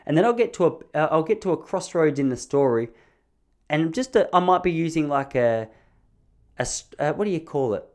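A man's voice: on the high side, animated, brisk, darkish tone. A man hosting a podcast from a home studio, telling rambling, self-mocking stories with lots of restarts. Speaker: podcast host. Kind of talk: casual comedic monologue.

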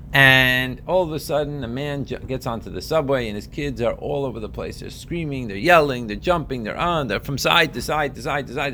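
A man's voice: mid-range voice, fairly bright tone, a little hiss or hum. A man teaching a text-based class in a conversational way, often checking in with his listeners and trailing into asides. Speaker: Torah teacher. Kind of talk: casual explanatory class.

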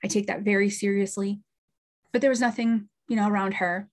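A woman's voice: medium pitch, steady tone, brisk. A middle-aged woman, a medium and podcast host, telling a story in a chatty way with asides and small laughs. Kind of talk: storytelling monologue.

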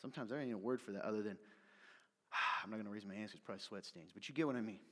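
Fired-up preacher in a reverberant hall. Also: male voice, lowish voice, very fast. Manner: fired-up preaching that drops to soft, confiding asides. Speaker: pastor. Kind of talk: sermon.

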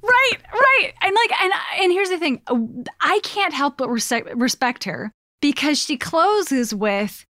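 A young woman from Chicago, co-hosting a casual chat and telling stories in a chatty, animated way. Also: sits high, unhurried, no echo, clean studio sound. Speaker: podcast co-host.

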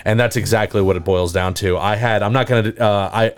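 A man's voice: fairly low pitch, fairly even intonation, fairly quick. A man hosting a casual podcast chat, talking candidly and plainly, often restarting his sentences and swearing now and then. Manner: candid, talks of his own sobriety with frequent restarts and swearing. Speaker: podcast host.

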